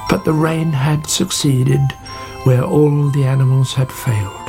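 A man calmly narrating a woodland animal story. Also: mid-range voice, measured pace, music in the background.

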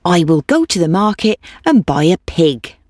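A woman putting on a high, pleading old woman. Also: sing-song, normal speed, a little mellow, dry recording, studio quality. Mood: musing. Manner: pleading, repetitive commands. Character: frustrated old woman stuck with a stubborn pig.

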